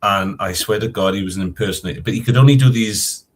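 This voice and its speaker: A man tells a story in an easygoing group chat, circling back and restarting as he goes. His voice sits fairly low. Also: quick pace, breathy edge.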